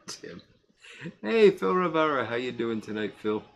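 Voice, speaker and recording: Hosting a casual live stream about pipe smoking, a man reads out viewer comments, chuckling often and rambling a bit. His mid-range voice is gravelly and sing-song, with a measured pace.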